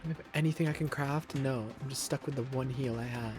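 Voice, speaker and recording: A man's voice: medium pitch, quick pace, hardly any pauses, darkish tone. A young man streaming live gameplay, frustrated, swearing and ranting at the game. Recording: game music and gunfire behind. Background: game music and gunfire.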